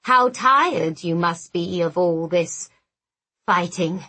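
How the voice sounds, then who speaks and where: A woman voicing a skinless male monster who speaks slowly in a low, eerily tender and human-sounding voice. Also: expressive, sharp tone, breathy edge, heavily acted. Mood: falsely tender.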